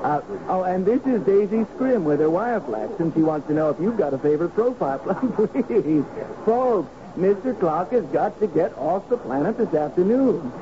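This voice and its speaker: A man playing a hurried, hesitant male press handler in a 1970s radio drama, on a dull lo-fi broadcast recording. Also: sits high, animated, noisy background. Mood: harried.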